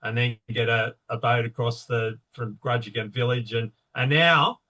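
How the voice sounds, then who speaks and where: Australian man, middle-aged, mid-pitched voice, relaxed conversational tone, vivid recollections. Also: moderate pace, low-quality recording. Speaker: podcast guest. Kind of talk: casual conversation.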